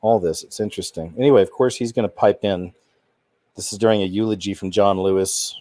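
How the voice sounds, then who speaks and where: A man's voice: lowish voice, steady tone, brisk, warm tone, no room sound. A man hosting his own channel, talking in a rambling, indignant commentary with trailing restarts. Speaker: channel host. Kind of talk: casual commentary monologue.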